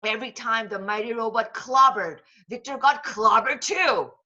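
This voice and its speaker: Bright-voiced woman reading a kids' book aloud. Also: on the high side, lo-fi sound. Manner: slow, expressive read-aloud delivery. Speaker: storybook reader.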